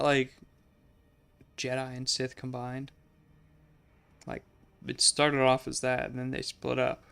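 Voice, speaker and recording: A man's voice: medium pitch, creaky, a bit bright, smooth. A man hosting a let's play, giving casual gameplay commentary in a chatty, musing way, often saying "like" and laughing.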